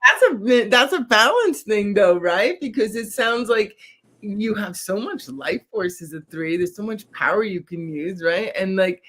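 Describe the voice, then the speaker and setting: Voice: mid-range voice, a little slow. A speaker in a casual group discussion, telling stories with animation and acting out quotes. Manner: animated storyteller, acts out quotes.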